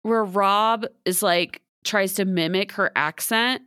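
A woman's voice: medium pitch, takes it slowly, pushed and bright, clean tone, dry recording, studio quality. A woman co-hosting a podcast, chatting casually about a TV episode with lots of fillers and giggles. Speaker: podcast co-host. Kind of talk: casual recap chat.

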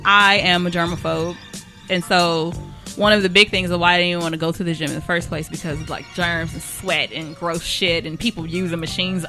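Bright-voiced woman, blunt and profane. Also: on the low side, fairly even intonation, a little fast, soft background music. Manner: blunt, profane, laughs often. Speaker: podcast co-host. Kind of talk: casual chat.

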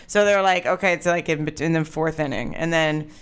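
A woman co-hosting a podcast, telling a story in casual chat, animated, with frequent swearing and laughter. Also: sits low, brisk, smooth. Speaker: podcast co-host.

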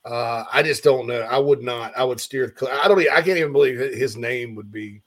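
A man with a drawl hosts a casual sports talk show, speaking at an ordinary middle pitch. He reads out listener questions and answers them in a loose, conversational way. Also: brisk, fairly bright tone.

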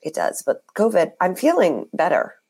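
A woman in her thirties, hoarse and raspy from being sick, co-hosting a casual chat podcast with animated swings in her voice. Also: moderate pace. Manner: animated, swings up high when fired up. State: hoarse from a cold. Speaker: podcast co-host.

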